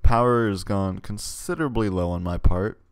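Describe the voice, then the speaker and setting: A man's voice: lowish voice, normal speed, smooth, no echo. A man playing through a text game, reading its story aloud with hesitant, rambling asides on his choices. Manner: rambling, hesitant asides between read passages. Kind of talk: casual let's play commentary and reading.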